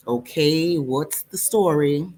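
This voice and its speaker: A woman voicing a flirtatious male banker friend who talks in a low near-whisper with bass and a dry, teasing manner. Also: takes it slowly, mellow.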